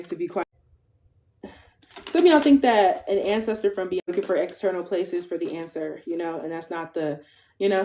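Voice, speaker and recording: Chatty, low-voiced young woman reading tarot. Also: dark tone, a little hiss or hum. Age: 20s. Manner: chatty, swears freely, keeps asking "okay?". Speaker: tarot reader. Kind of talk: casual tarot reading for viewers.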